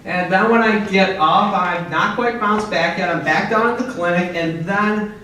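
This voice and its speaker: A young man doing a stand-up set in a comedy club, telling stories in a deadpan way and jumping high for quoted outbursts. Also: normal speed, slight background noise. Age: young adult. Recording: echoey club from far off.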